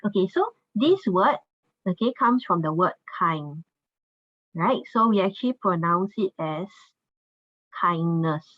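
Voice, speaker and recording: A woman's voice: medium pitch, sing-song, a little slow, dry recording. Patient woman teaching an online class. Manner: patient, says "okay" a lot. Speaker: English teacher. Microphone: video call. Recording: dull lo-fi video call audio.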